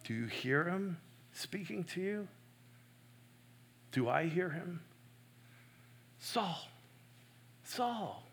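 A man preaching a sermon in an earnest, emphatic way. He swings between loud stresses and soft, hushed asides. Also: fairly high pitch, animated, takes it slowly, gravelly, pauses often. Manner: self-correcting, personal and earnest.

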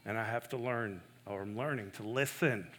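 A man preaching a sermon in an earnest, emphatic way. He swings between loud stresses and soft, hushed asides. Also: on the low side, normal speed, a little hiss or hum. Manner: self-correcting, personal and earnest.

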